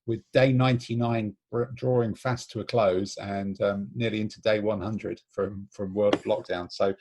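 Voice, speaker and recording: A man's voice: on the low side, level tone, moderate pace, noisy background. An English man hosting a casual group conversation, talking in a chatty way with frequent ums and restarts. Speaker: host. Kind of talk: casual group chat on a call.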